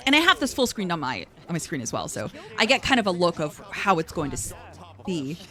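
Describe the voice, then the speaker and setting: Chatty woman streamer thinking out loud on stream, voice goes all over the place. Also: lowish voice, big pitch swings, a little fast. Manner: chatty, musing aloud about what she sees. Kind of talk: live reaction commentary.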